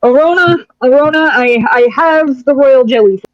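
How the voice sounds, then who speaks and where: Female player, casual and giggly, fairly high voice; dry, muffled recording. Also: dry recording. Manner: giggly, quick to laugh. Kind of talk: casual tabletop game play.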